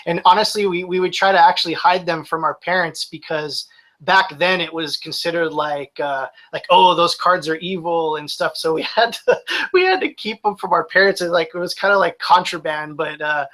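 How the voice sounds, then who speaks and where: A man's voice: on the high side, steady tone, normal speed, pushed and bright, rough recording. A man in his forties, a reseller guest talking casually in a live-streamed interview, rambling with restarts.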